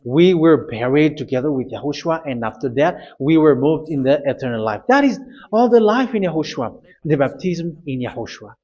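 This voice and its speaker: Male preacher, high-ish voice, forceful repeated commands, dull lo-fi audio. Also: expressive, moderate pace. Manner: emphatic, repetitive commands with hesitations. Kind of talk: sermon.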